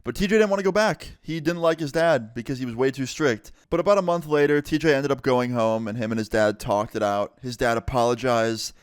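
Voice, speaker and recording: A young man telling a casual, profanity-laced story-time vlog in an animated way. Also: medium pitch, fairly quick, hardly any pauses, clean tone, no room sound, studio quality. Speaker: vlogger.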